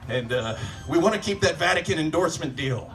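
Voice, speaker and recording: A man's voice: fairly high pitch, animated, a little fast, fairly bright tone, recorded from a distance. A man doing a stand-up comedy set in a club, ranting sardonically and profanely and firing rhetorical questions at the crowd. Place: live comedy club stage.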